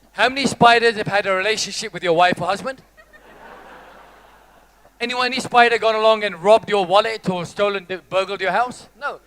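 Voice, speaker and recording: High-voiced male motivational speaker. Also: fairly bright tone. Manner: playful, theatrical storytelling, addresses the audience. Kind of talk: live motivational talk. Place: stage before a live audience.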